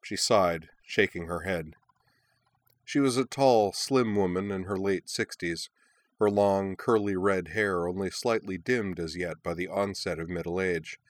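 Deep-voiced man narrating a war story. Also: no echo.

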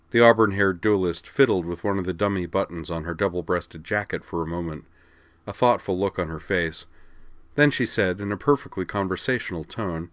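A man narrating a story aloud in an even, measured way. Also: low-pitched, dry recording. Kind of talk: audiobook narration.

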